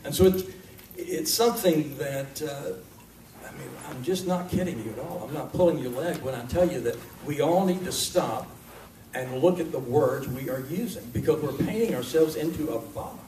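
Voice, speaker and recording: Guy preaching a sermon, pretty high voice, sounds far off in a big echoey room. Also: warm tone, a little hiss or hum. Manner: conversational, emphatic preaching with pauses. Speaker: pastor. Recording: echoey hall recording from far off.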